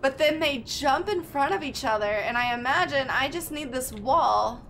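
A woman's voice: high voice, expressive, normal speed, a bit bright, slight background noise. A young woman streaming a game live, thinking aloud in a chatty way and greeting her viewers by name. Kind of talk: live gameplay chat with viewers.

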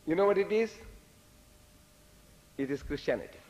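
An older man giving a religious lecture, telling lively, humorous stories and dropping Arabic phrases. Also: on the high side, moderate pace. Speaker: Islamic lecturer. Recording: echoey lecture hall.

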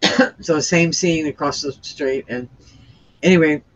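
Over a muffled recording with crowd noise, a low-pitched woman speaks a little slowly as she earnestly describes nearly dying, restarting her sentences and using lots of fillers in a rambling way.

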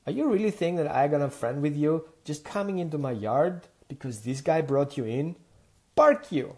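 A man voicing a territorial male dog who threatens a newcomer in his yard, in a hostile, shouting manner. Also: on the high side, brisk, close to an everyday voice.

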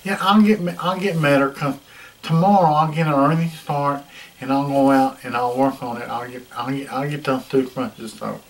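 Performer playing a hapless hare-lipped salesman, male, nasal thick speech, folksy rambling, comic story in character, middling pitch, distant from the mic. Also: steady tone, moderate pace, lightly acted. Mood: folksy storytelling. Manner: rambling, repeats himself, folksy slang.

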